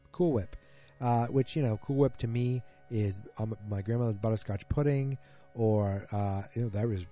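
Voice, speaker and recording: A man's voice: on the low side, warm tone. A man hosting a casual solo podcast, retelling events in a rambling, self-correcting way. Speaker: podcast host.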